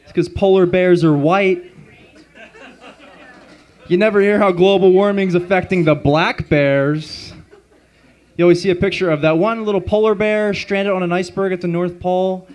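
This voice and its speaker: A man's voice: high voice, fairly even intonation, normal speed, pauses often, darkish tone. Man doing a stand-up set. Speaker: stand-up comedian. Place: comedy club stage, open mic.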